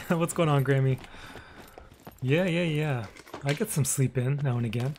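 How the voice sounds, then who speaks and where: A man streaming a video game live, chatting casually with viewers, relaxed and rambling, often trailing off into quiet mumbles. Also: mid-range voice, a little slow, slight background noise.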